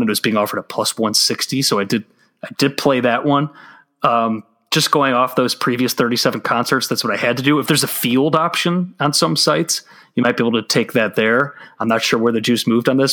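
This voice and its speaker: Bright-voiced casual male podcast host. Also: medium pitch. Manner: loose, swearing, quick asides. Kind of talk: casual chat about sports betting.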